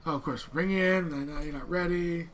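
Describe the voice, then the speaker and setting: A man's voice: on the high side, steady tone, fairly bright tone, slight background noise. A man running a tabletop game as game master, narrating with many fillers and restarts. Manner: halting, filler-heavy narration.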